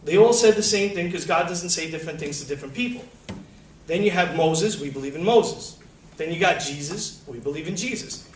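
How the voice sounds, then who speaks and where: A man on a panel, telling religious stories to an audience in a lively, slangy way and acting out the quotes, recorded in a college lecture hall. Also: a little high, a little fast. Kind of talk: casual religious storytelling to an audience. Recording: echoey hall, distant mic, faint hum.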